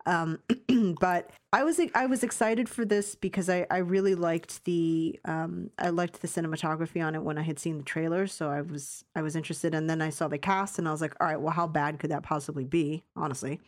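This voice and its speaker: Lady rambling casually on a podcast, low-ish voice, hesitant then fired up on her opinions. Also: steady tone, fairly quick, hardly any pauses. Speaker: podcast co-host reviewing a film. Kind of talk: casual chat.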